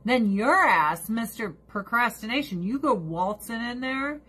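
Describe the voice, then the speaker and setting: A woman's voice: a little high, expressive, a little slow, bright, forceful tone, breathy edge. A middle-aged woman streamer chatting casually with her viewers, blunt and profane, ranting with animation.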